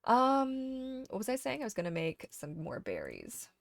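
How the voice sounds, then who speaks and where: Woman streamer thinking out aloud while she plays, chatty and animated, dry close mic. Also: fairly high pitch, normal speed, creaky, no echo. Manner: chatty, talks to herself while sorting items; emotional and animated when excited. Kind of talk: casual gameplay chat.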